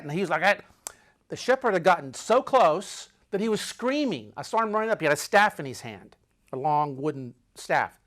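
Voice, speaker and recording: A man with a slightly higher voice recounts a tense story from the road. He builds suspense by repeating phrases, then drops into quiet, breathy asides. His telling is dramatic and personal. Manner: dramatic, swings between loud urgency and hushed low tones. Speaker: podcast host telling a travel story.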